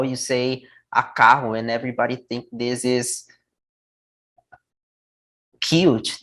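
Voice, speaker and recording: A man from Brazil talks in English with a Brazilian Portuguese accent. He is an English teacher, blunt and opinionated, and he speaks at an unhurried pace. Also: medium pitch, low-quality recording. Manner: blunt, opinionated, animated when making a point. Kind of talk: casual conversation.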